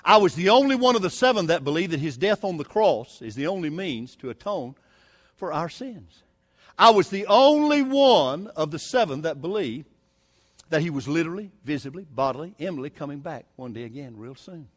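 Folksy evangelist telling a story. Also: male voice, fairly high pitch, a little fast, no echo. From Southern United States. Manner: animated, emphatic, folksy with humor. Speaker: evangelist preacher. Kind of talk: sermon storytelling.

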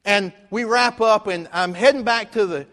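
A man preaching from the pulpit as a pastor, telling a story in a lively way and acting out the dialogue. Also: high-pitched, normal speed. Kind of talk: storytelling sermon. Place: church sanctuary. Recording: long reverb of a large hall.

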